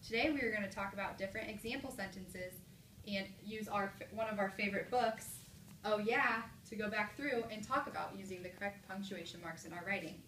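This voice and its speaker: A woman teacher leads a classroom mini lesson. She gives clear, encouraging prompts and reads example sentences slowly and with exaggeration. She is recorded from a distance in an echoey room, with a light hiss behind. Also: medium pitch, fairly bright tone.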